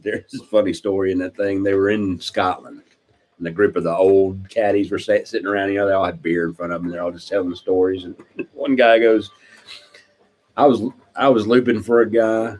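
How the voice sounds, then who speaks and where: A man, chatting casually on a live stream, rambling through stories, clearing his throat often and laughing at his own jokes. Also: deep voice, steady tone, a little fast, darkish tone, low-quality recording. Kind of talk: casual chat.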